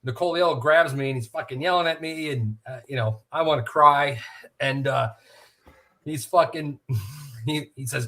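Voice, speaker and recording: A man, a firefighter guest, telling animated stories at a kitchen-table podcast. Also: medium pitch, moderate pace. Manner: animated storyteller who acts out quotes. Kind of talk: casual storytelling.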